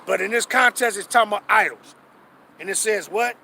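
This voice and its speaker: A man preaching outdoors, emphatic and profane, reading scripture slowly and asking rhetorical questions. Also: sits high, vocal fry, sharp tone, a little hiss or hum. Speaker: street preacher. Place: outdoors on a city street.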